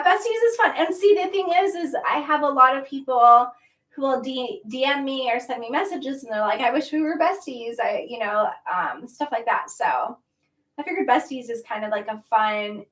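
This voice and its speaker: Woman livestream host, high voice, chatty and emotional, a little far off the mic. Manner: warm, chatty, emotional at times, laughing often. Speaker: livestream host reading chat comments. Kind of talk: casual livestream chat. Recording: roomy echo, mic at a distance.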